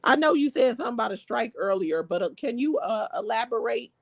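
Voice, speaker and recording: A woman's voice: fairly high pitch, animated, fast, no room sound. A woman hosting a live stream, chatting casually and reading viewer comments aloud, laughing often.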